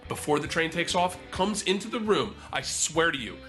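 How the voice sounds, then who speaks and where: A male comedian telling an animated, profane story on stage and acting out other people's lines. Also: fairly high pitch, normal speed, soft background music. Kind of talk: stand-up storytelling.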